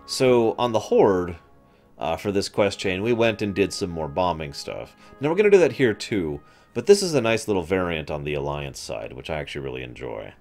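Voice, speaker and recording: A man chatting through a game playthrough, self-deprecating and quick to laugh. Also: sits low, sing-song, darkish tone, soft background music. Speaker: gamer commentator. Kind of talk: let's-play commentary.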